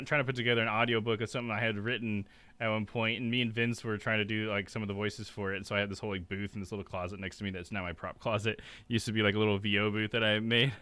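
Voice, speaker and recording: Bright-voiced laughing streamer host. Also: male voice, lowish voice, clean tone. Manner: laughing, enthusiastic, rambling. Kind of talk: casual live-stream chat.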